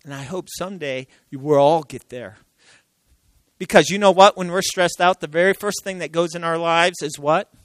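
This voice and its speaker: Animated high-voiced preacher, man. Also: normal speed, dry recording, rough recording. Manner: animated, swings from loud exclaiming to hushed near-whispers; acts out quoted voices, laughs between lines. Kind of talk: sermon.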